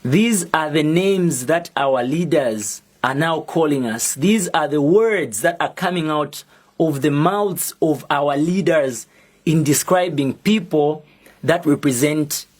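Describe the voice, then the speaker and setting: A young man from Zambia with a Zambian accent delivers a prepared public statement as an activist. His voice sits somewhat high, and he talks slowly and deliberately. He keeps a steady, defiant tone throughout. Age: young adult.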